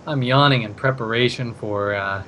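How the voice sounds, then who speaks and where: A male esports caster analyzes each card-game play steadily at a moderate pace, often thinking aloud with small fillers. His pitch is ordinary, and a faint hum sits in the background.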